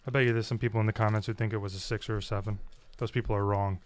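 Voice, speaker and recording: A man's voice: lowish voice, level tone, rapid-fire, dry recording. A man co-hosting a card-collecting show, listing cards one by one and making dry jokes. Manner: dry joking, lists cards one after another. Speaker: co-host opening card packs. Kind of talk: casual chat.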